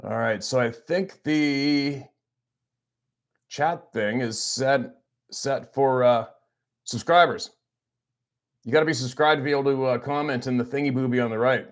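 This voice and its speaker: A man's voice: medium pitch, a little slow, long pauses. A man hosting a hunting channel, chatting casually on a livestream from a farmhouse, playful and teasing. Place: small farmhouse at Christmas.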